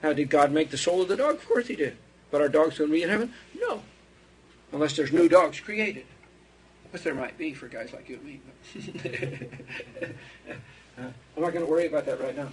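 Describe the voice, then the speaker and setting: A man's voice: a little high, lively intonation, normal speed, long pauses, darkish tone, husky. A man giving an unscripted theology lecture, rambling and digressive, chuckling at his own asides.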